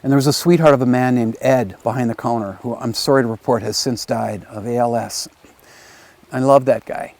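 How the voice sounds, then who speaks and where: A man's voice: medium pitch, fairly quick. A man teaching a video class, telling a conversational story and acting out other people's lines as he goes. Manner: conversational, lively retelling with acted quotes. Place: his home area in the countryside.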